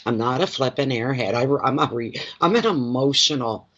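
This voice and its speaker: A man chats on a livestream from home, greeting viewers by name and laughing often as he talks. He is openly expressive and rambling. His voice sits at an ordinary middle pitch, and the stream audio is a little muffled and lo-fi. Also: normal speed. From Atlantic Canada. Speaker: intuitive card reader. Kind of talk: casual livestream chat.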